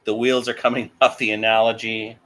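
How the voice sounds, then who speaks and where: A man on a relaxed online chat, making dry, understated jokes in a fairly low voice. He answers the host's tangents with quick deadpan remarks. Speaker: guest, game line lead. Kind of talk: casual chat.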